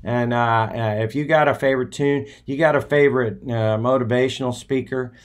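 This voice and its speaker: A man's voice: medium pitch, fairly even intonation, moderate pace, clean tone. A man hosts a talk show and tells a story in a loose, rambling monologue. He often stops to hesitate before picking the thread back up. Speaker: podcast host.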